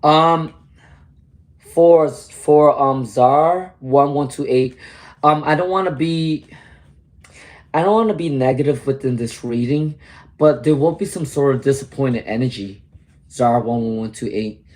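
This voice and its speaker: A man's voice: medium pitch, measured pace, darkish tone. A man with a New York accent giving an upbeat, encouraging live tarot reading and answering viewers' questions. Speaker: tarot reader.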